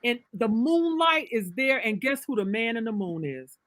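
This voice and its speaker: A woman's voice: fairly high pitch, expressive, normal speed, fairly bright tone, no echo. A woman author being interviewed, telling her story in an emphatic, preacherly way with big swings of energy. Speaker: author, guest. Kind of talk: casual livestream interview.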